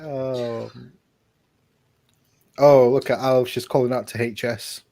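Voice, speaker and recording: A man's voice: mid-range voice, unhurried, long pauses. A young man co-hosting a casual advice podcast, joking around with cheeky, mock-stern banter. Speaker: podcast co-host.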